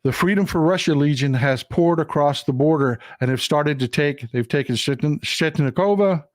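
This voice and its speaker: A man with a somewhat high voice hosts a political live stream, walking viewers through a map. He presses his points by saying them twice. The sound is dry and close. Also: moderate pace, no room sound. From Texas. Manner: emphatic, repeats phrases for stress. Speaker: political commentary host.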